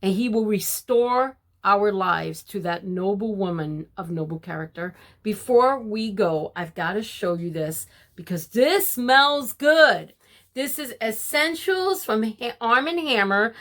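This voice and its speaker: Older woman giving homey devotional talk. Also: mid-range voice. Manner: warm, preachy, addresses viewers as ladies. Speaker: homemaking vlogger. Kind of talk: casual devotional talk to viewers.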